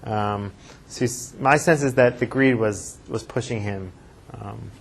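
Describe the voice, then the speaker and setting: A rabbi teaching a classroom lecture, thinking aloud and reading verses aloud with emphasis, with class discussion. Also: male voice, fairly low pitch, measured pace, creaky.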